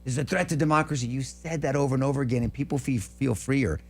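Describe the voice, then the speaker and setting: A man's voice: medium pitch, fast talker, gravelly, faint music behind. Rambling, profane male talk-show host. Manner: rambling, profane, stumbles and restarts. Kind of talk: political talk show banter.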